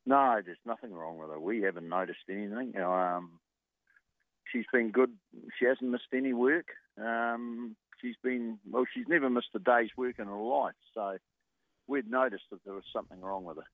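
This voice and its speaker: A man's voice: mid-range voice, moderate pace, no room sound. A man who trains horses, answering a radio interview by phone in short, plain-spoken replies with many fillers. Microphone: telephone. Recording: tinny dry phone line.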